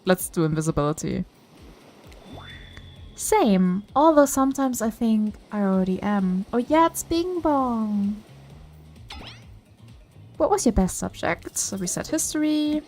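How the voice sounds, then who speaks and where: Excitable woman VTuber, animated pitch. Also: measured pace, pauses often, faint music behind. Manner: excitable, playful, gasps and laughs. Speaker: VTuber streamer. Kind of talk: casual gaming commentary.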